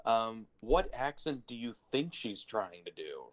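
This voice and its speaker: A man co-hosting a casual TV review chat, opinionated and quick to slip into impressions. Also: lowish voice, sing-song. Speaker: podcast co-host.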